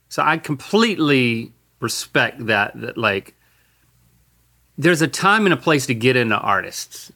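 A playful man in casual conversation, his voice bright and ringing. His pitch leaps around a lot as he jokes and riffs. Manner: playful, excitable, quick to joke. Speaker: podcast co-host. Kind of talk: casual chat.

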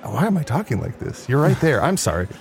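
A man's voice: medium pitch, very animated, a little fast, creaky. Goofy man playing a talking horse. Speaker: player. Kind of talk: tabletop role-play, in character as a horse.

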